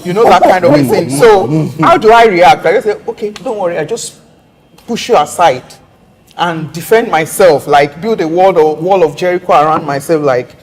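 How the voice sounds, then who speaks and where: A soft-spoken speaker telling a personal story in a casual conversation, quoting what others said. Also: medium pitch, normal speed, in a large hall.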